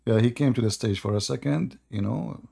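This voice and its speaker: A man's voice: mid-range voice, fairly quick, gravelly, warm tone, slightly rough. A man hosting a casual livestream chat, joking and mocking, with a tired voice. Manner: mocking, joking, laughs at his own stories. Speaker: host.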